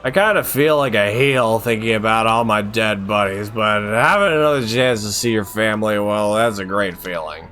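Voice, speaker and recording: A man's voice: lowish voice, moderate pace, hardly any pauses, sharp tone, faint music behind. A man voicing a tipsy, war-weary soldier from a video game in a slurred drunk voice. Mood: wistful.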